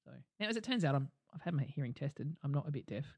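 A woman's voice: low-pitched, quick pace, husky, no room sound. A young woman co-hosting a podcast, chatting casually and swearing freely while she acts out the people in her stories. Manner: profane, animated storyteller who acts out quotes. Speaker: podcast co-host. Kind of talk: casual chat.

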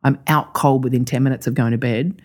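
Young aussie telling a wild story, swears a lot, husky voice, mid pitch. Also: brisk. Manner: animated, profane storytelling with laughter. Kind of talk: casual chat.

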